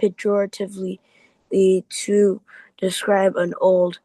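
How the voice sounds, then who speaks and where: A young man reads a passage aloud in class and stumbles over the long words. His pace is very slow and full of pauses. The sound is dry and close, with no room echo. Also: high-pitched, completely flat delivery, warm tone. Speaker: student reading aloud. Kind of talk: halting reading aloud.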